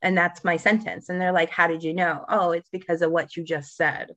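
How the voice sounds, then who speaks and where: Low-voiced woman chatting on a podcast. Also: little pitch movement, sharp tone, no echo, dull audio. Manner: chatty, self-assured, halting restarts. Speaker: podcast co-host. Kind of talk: casual chat.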